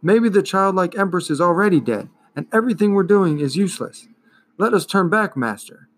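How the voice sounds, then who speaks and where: A man voicing a weary, despairing little male horse, speaking softly and low in a storybook reading. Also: expressive, a little fast.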